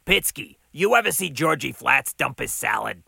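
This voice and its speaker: A man voicing a gruff, gravelly older male diner owner who needles his staff. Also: medium pitch, very animated, moderate pace, sharp tone, no room sound, heavily acted. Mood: needling. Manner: needling, bossy. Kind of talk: audiobook character voice.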